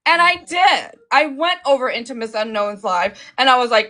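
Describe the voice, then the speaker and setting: A woman's voice: fairly high pitch, big pitch swings, moderate pace, hardly any pauses, pushed and bright. A woman hosting a livestream, confronting someone with profane, pointed questions. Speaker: livestream host.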